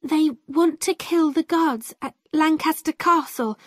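A woman's voice: high-pitched, unhurried, no echo, clean studio sound, voice pushed up. Woman reading as a frightened young girl pleading. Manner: pleading, earnest.

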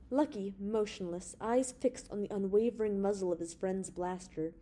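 A woman narrating an audiobook in a steady reading voice. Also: medium pitch, normal speed, few pauses.

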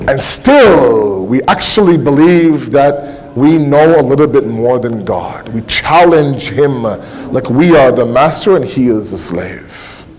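A man's voice: mid-range voice, lively intonation, takes it slowly, a little mellow, long reverb tail, poor audio. A male preacher giving a conversational sermon full of rhetorical questions and acted-out quotes. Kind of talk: religious sermon.

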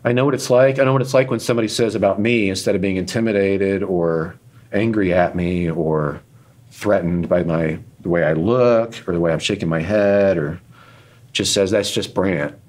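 A man's voice: deep voice, normal speed, darkish tone. A man being interviewed, telling candid personal stories in an earnest, self-deprecating, rambling way, emotional at times. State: emotional, choked up in places. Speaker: interview guest, author and radio host.

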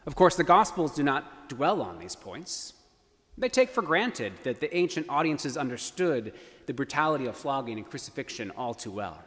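A male preacher delivers an earnest, emphatic sermon. His pitch rises and falls freely, and a long church reverb hangs on each phrase. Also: very animated, normal speed, a bit bright. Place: church sanctuary.

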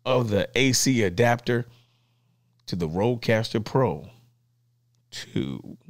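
A man hosting his own vlog, talking casually and playfully with lots of slang while excitedly unboxing new gear. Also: mid-range voice, a little slow.

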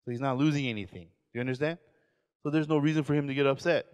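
A man in his forties, a pastor giving a lively sermon lecture, acting out quoted voices and questioning his audience. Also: mid-range voice, fast, clean tone, in a large hall, lo-fi sound. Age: 40s.

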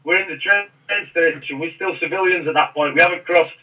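Brief: man, fairly high, bright voice, rambling storyteller, mic distant and muffled. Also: fairly quick. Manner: rambling, frequent restarts. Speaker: podcast guest, former Royal Marine. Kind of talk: casual interview storytelling. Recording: muffled, distant podcast audio.

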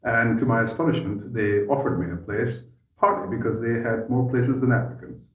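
An older man with an educated Edinburgh Scottish accent, a guest in an interview, telling stories in a measured way with frequent pauses. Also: mid-range voice, fairly even intonation. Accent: Edinburgh middle-class Scottish. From Edinburgh, Scotland. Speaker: guest, former politician. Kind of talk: relaxed podcast interview. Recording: roomy, distant, slightly dull sound.

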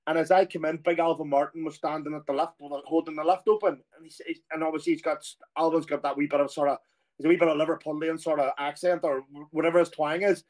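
A middle-aged Irish man, a former footballer, telling a long anecdote in a casual, animated way and acting out the people he quotes. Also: a little high, fast talker. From Ireland. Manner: animated storyteller who acts out quoted voices.

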